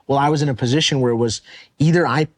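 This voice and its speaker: A young man, a podcast guest, telling his business story in a casual, animated and blunt way, swearing often. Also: medium pitch, fast. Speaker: podcast guest, real estate wholesaler.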